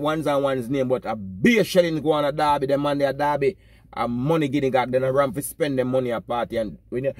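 A man's voice: mid-range voice, breathy edge, no room sound. A man with a Jamaican accent giving a rambling comic rant as a self-styled pastor, peppering every line with "brother". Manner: repeats "brother" rhythmically, animated and preachy. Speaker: comic vlogger pastor persona.

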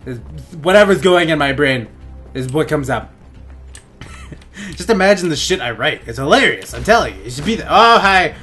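A young man giving crude, goofy gameplay commentary on a headset in his bedroom, often laughing and yelling out suddenly. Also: a little high, big pitch swings, normal speed, long pauses, soft background music. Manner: goofy, giggly, crude jokes, sudden loud outbursts. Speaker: gaming let's play host.

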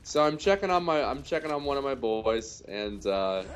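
Young man, casual gaming chat, self-mocking storyteller, rambling delivery, mid-pitched voice. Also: lively intonation, normal speed, a little hiss or hum. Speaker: co-host of a game video series.

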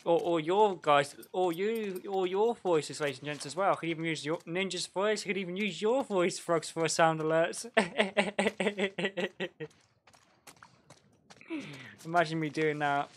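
A man talks his way through a video game stream in a loose, chatty manner. His voice sits a bit high for a man, and he laughs easily and reacts loudly to surprises. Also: slow, a little hiss or hum. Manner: excitable, chatty, laughs often, mild slang. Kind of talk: casual game-stream commentary.

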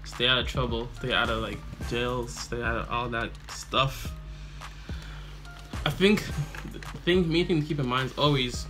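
A man's voice: mid-range voice, a little slow, music in the background. A man hosting a reaction video, chatting casually and handing out advice with lots of repetition and slang. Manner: relaxed, repeats himself, loose slang. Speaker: video reactor and channel host.

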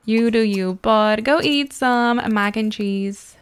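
A woman giving casual gameplay commentary, gushing and excitable, often squealing and laughing over cute moments. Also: on the high side, slow pace, clear, resonant tone. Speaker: gaming channel host.

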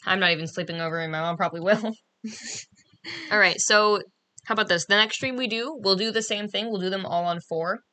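A woman's voice: mid-range voice, brisk, bright, forceful tone. A young woman chatting casually and giggling with a friend while streaming a horror game. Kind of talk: casual gameplay chat.

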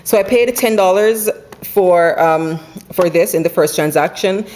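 A woman chatting casually at home about her couponing haul, running through prices quickly and laughing now and then. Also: fairly low pitch, darkish tone. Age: adult with school-age kids. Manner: chatty, quick, runs numbers aloud, laughs often. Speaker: couponing vlogger. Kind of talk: casual haul video chat. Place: home, indoors.

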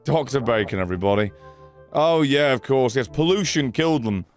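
A man's voice: medium pitch, animated, fairly quick, soft background music. A man in his thirties giving live, sweary game commentary, ranting at the game in exasperation. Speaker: gaming streamer.

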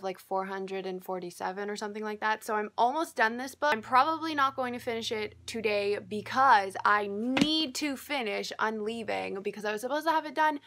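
A woman's voice: on the high side, a bit bright. A young woman chatting casually to camera in a book vlog, rambling with lots of filler words. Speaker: book vlogger.

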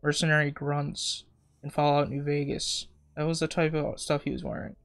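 A gamer talks to himself while playing a video game, giving casual let's-play commentary full of jokes and profanity. His voice sits on the high side with a level tone, a moderate pace, vocal fry, and a fairly bright sound.

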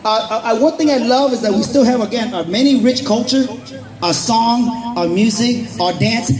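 A man's voice: very high-pitched, normal speed. A man doing a stand-up comedy set at a festival, speaking playful broken English mixed with Hmong and acting out family scenes. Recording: live crowd noise at an event. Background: crowd.

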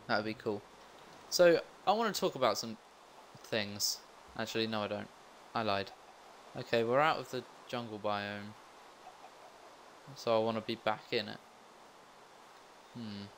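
A man's voice: lowish voice, a bit bright, a little hiss or hum. Rambling young man gaming. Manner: rambling, self-mocking asides. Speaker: let's play gamer. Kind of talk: casual gameplay commentary.

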